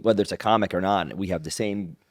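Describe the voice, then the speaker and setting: A man telling stories as an interview guest, animated and rambling, acting out other people's lines in his own voice. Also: sits low, fast, no echo, clean studio sound. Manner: rambling with restarts and "like". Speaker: guest, pro wrestler. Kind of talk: casual interview storytelling.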